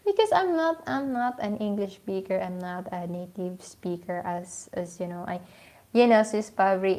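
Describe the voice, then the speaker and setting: A woman's voice: on the low side, darkish tone. Chatty Filipino-accented woman. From Philippines. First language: Filipino language. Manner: chatty, many fillers and restarts, lots of "you know". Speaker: livestream host. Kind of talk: casual livestream chat.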